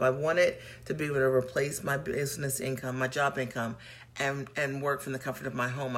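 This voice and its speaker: A woman's voice: very deep voice, fairly bright tone, a little hiss or hum. A woman business coach hosting a live broadcast, speaking in an earnest, personal and encouraging way and greeting viewers as they join. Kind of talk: motivational live-stream talk.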